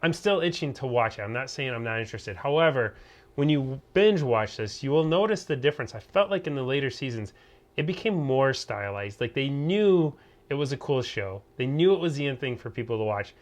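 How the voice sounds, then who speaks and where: A man's voice: medium pitch, expressive, fairly quick. Opinionated male podcast host. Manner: opinionated, hedging with "I felt like", restarts often. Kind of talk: casual podcast review chat.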